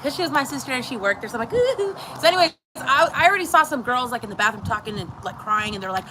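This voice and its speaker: A woman's voice: a little high, animated, racing, background noise. A woman in her thirties joining a casual chat, chiming in with short comments and bits of Spanish. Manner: chiming in, laughs along, mixes in Spanish.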